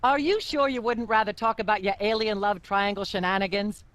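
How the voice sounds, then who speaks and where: A woman's voice: mid-range voice, steady tone, fairly quick, a bit bright, no room sound, close to an everyday voice. A woman voicing a condescending female talk show host in a video game, who drones on in scornful tirades. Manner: droning blah-blah tirades, sugary scorn.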